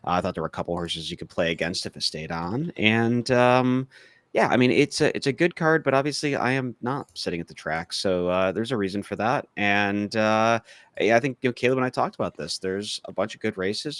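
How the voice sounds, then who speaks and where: A man co-hosting a casual podcast chat, talking in a measured way with a mildly frustrated tone. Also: lowish voice, big pitch swings, a bit bright, dry recording. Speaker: podcast co-host. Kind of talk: casual horse racing chat.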